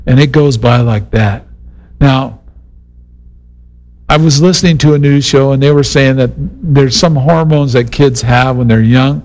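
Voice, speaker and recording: A man's voice: mid-range voice, unhurried, darkish tone, rough recording. A middle-aged man preaching a sermon in a casual, conversational way, mixing Bible teaching with a personal story. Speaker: pastor.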